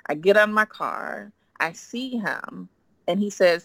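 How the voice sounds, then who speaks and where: Guest, woman, forties, low-ish voice, animated storyteller who acts out dialogue, dry close sound. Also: normal speed, dry recording. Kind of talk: casual storytelling.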